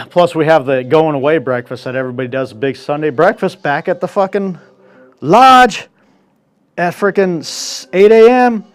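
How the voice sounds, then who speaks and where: A man hosting a solo podcast, telling a crude story in a casual, profane, animated way. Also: on the high side. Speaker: podcast host.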